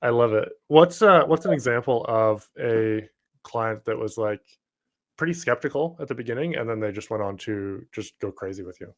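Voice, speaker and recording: A man's voice: mid-range voice, expressive, normal speed. Upbeat male podcast host. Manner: upbeat, encouraging questions. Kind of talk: podcast interview.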